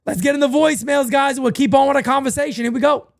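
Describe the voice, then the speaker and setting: A man's voice: very high voice, rapid-fire. A man hosting a sports talk show, ranting emphatically and repeating phrases for weight. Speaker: podcast host.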